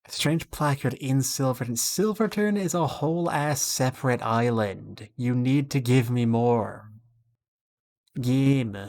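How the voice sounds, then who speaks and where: A man's voice: mid-range voice, unhurried, a little mellow. A man streaming a game, chatting to his viewers in a sarcastic, joking way. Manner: sarcastic, joking, talks to chat. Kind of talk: casual game commentary.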